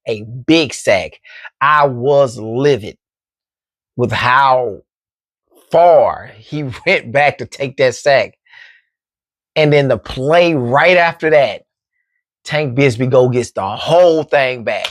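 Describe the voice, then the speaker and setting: A man's voice: medium pitch, takes it slowly, a bit bright, no room sound, studio quality. A man hosting a casual football commentary show, laid-back and joking. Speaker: sports commentary host.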